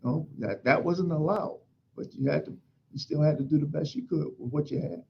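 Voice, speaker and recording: A middle-aged man from Pennsylvania, a fire chief, telling stories in an interview in an emphatic, animated way. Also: on the high side, a little fast, creaky, husky, lo-fi sound. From Pennsylvania, USA. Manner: emphatic, animated storytelling with acted-out quotes. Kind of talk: storytelling in an interview.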